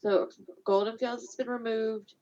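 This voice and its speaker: A woman's voice: a little high, little pitch movement, normal speed, dark tone, lo-fi sound. A woman chatting eagerly as a player in a tabletop game.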